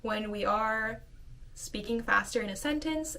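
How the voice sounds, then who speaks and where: A woman's voice: on the high side, pushed and bright, far from the mic. A woman teaching a casual video lesson, repeating short phrases patiently. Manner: slow, repeats phrases over and over. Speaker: language teacher.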